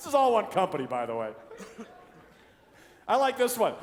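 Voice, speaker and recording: A middle-aged man from the Chicago area doing a stand-up comedy routine, animated and acting out the voices of people in his stories. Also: sits high, normal speed. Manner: animated, acts out quoted voices. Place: large conference hall stage. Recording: long reverb of a large hall.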